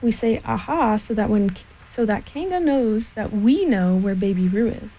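A woman voicing a fussy, bossy male rabbit who speaks slowly and carefully. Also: mid-range voice, animated, dark tone, rough recording. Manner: slow, careful, self-important.

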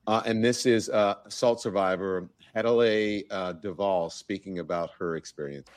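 A man with a deep voice hosts a news talk interview, speaking at normal speed with a steady tone. He keeps it loose and conversational, often restarting sentences. There's slight background noise.

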